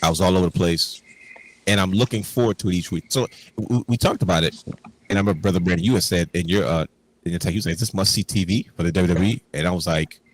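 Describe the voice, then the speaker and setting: A man's voice: sits low, quick pace, low-quality recording. A man co-hosting a wrestling talk show, talking enthusiastically and rambling. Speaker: podcast co-host. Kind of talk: casual chat.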